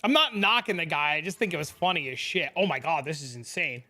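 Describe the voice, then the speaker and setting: A young man streaming a game, chatting casually, excitable and swearing freely as he reads chat aloud. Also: a little high, quick pace.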